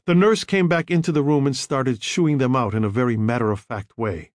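A man narrating a novel in an expressive storytelling manner. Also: mid-range voice, fairly quick, no echo, clean studio sound. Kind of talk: audiobook narration.

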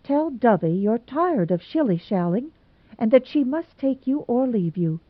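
A woman reading aloud does a level-headed young teacher, brisk and cool, speaking with plain common sense. The voice sits in a narrow, phone-like band and sounds dry. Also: a little high, lively intonation, no room sound, voice pushed up.

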